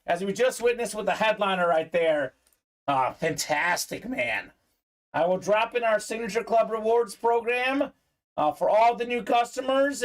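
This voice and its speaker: A high-pitched man runs a live sports memorabilia break, chatting cheerfully with viewers, reading their comments out loud, and saying "uh" a lot.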